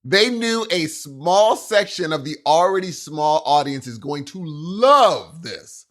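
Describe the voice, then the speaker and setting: A man's voice: fairly high pitch, animated, slow pace, fairly bright tone. A man co-hosting a podcast in casual chat, talking with enthusiasm and calling his partner dude. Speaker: podcast co-host.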